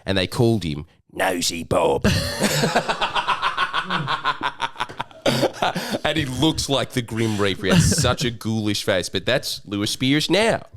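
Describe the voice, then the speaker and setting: A man's voice: lowish voice, very animated, normal speed, hardly any pauses. An Australian man, a comedian guest on a podcast, chatting casually and animatedly, laughing and swearing freely.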